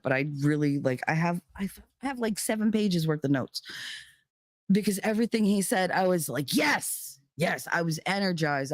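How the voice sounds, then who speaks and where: A livestream host talking in a casual monologue, earnest and emphatic, with many fillers and key words stretched out slowly. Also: medium pitch, a little mellow, no echo.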